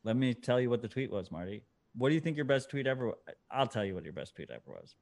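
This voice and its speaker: Casting: mid-pitched man, blunt teasing co-host, loose and profane. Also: sing-song, fast talker, gravelly, a little mellow. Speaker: podcast co-host. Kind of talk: casual chat.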